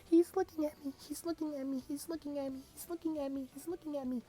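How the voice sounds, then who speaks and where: A man voicing a bashful teenage hero girl who keeps repeating herself in a squeaky, breathless rush. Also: steady tone, quick pace, warm tone, lightly acted, rough recording. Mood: flustered.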